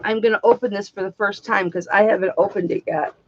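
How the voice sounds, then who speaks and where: A woman selling items on a casual live stream, chatty and excitable, swearing casually as she talks to her viewers. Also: medium pitch, quick pace, a little hiss or hum. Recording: dull lo-fi dry sound.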